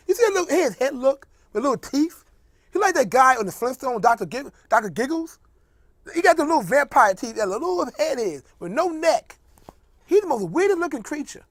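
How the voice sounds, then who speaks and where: A man's voice: very high voice, fairly bright tone, dry recording. Guy ranting and joking on his own show, laughs a lot, voice jumps all over, dry close sound. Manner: joking, mocking, laughs often. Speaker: host. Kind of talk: casual comedic monologue.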